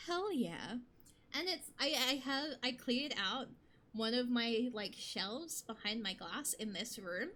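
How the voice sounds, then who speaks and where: A woman's voice: a little high, animated, slow, fairly bright tone. A young adult woman streamer chatting casually with her viewers, bubbly and rambling, often laughing.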